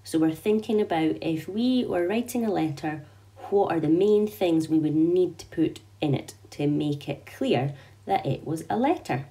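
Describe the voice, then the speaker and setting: A woman's voice: sits low, moderate pace, dark tone. A Scottish woman, a primary school teacher, patiently explaining a letter-writing lesson to young children. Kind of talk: online lesson and story read-aloud.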